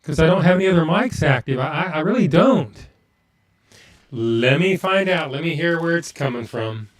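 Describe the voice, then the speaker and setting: A man's voice: fairly high pitch, animated, moderate pace. A man hosting a live stream, chatting casually with viewers and muttering to himself while fixing his audio.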